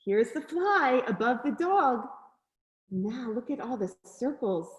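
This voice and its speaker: An educator reads a picture book to young listeners in a high, sing-song voice that leaps around expressively. She takes her time, gasps at each discovery and keeps turning to the children with questions. The sound is roomy, with a clear echo. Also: big pitch swings, slow pace. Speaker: nature center educator.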